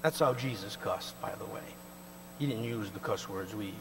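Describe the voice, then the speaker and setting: A male pastor preaching a sermon, emphatic and swinging between loud and quiet, often pausing to ask the congregation to finish his sentences. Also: fairly low pitch. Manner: call-and-response questions to the congregation. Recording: reverberant hall with mains hum.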